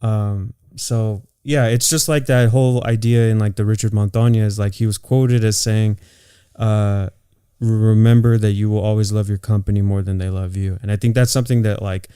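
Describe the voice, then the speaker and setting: A Californian podcast co-host tells work stories in a loose, profane manner peppered with "like." His voice sits on the low side, mellow and smooth, with fairly even intonation and a moderate pace, recorded at studio quality with no echo.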